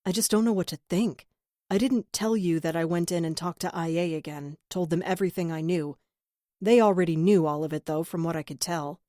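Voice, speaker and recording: A woman's voice: fairly low pitch, fairly quick, warm tone, no echo, clean studio sound, natural voice. A woman voicing a worried male cop. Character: troubled male cop, worried about his brother.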